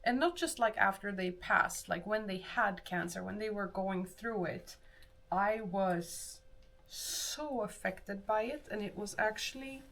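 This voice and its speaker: Woman streamer, casual viewer chat, slow pace, rambling, mid pitch. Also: a bit bright, a little hiss or hum. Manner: chatty, reads and answers chat while doing her hair; rambling, with restarts. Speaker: livestreamer.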